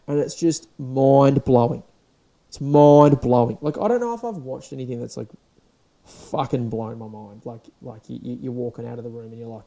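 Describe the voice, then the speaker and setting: A young Australian man talks alone into his podcast mic in a loose, rambling rant full of swearing and restarts. His voice is gravelly and dark, and it sounds sore and dried out today. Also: mid-range voice, normal speed. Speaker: podcast host. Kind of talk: casual solo rant.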